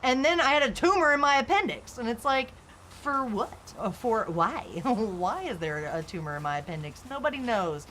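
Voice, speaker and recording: A woman's voice: a little high, big pitch swings, normal speed, a bit bright, slight background noise. A young adult woman chatting casually on a game stream, rambling and candid, with lots of "like". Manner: rambling, candid, heavy use of "like". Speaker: live streamer. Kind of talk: casual stream chat while gaming.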